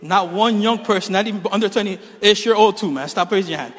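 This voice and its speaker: A man's voice: sits high, quick pace, fairly bright tone, a faint crowd. A middle-aged male pastor preaching a sermon, telling a personal story with jokes to his congregation. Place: church hall. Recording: reverberant hall.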